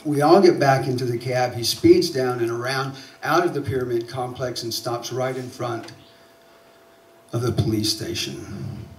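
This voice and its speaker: A man from South Alabama with a Southern accent, telling a personal story live on stage, animated and getting louder at the tense moments. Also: mid-range voice, a little slow. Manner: animated, building to loud excitement at tense moments. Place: theater stage. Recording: roomy live hall recording from a distance.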